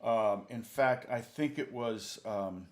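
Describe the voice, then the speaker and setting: A man with a middle-pitched voice tells a long story during a guitar lesson. He rambles, stops to fix names and details, and chuckles as he goes. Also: takes it slowly. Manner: rambling, self-correcting, chuckling anecdote. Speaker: guitar teacher and channel host.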